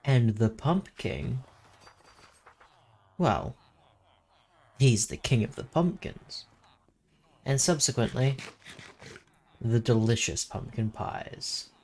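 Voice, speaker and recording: Slow, playful man narrating a gaming vlog. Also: medium pitch, very animated, darkish tone, slightly rough, low-quality recording. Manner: playful, jokey salesman patter. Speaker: Minecraft server video creator.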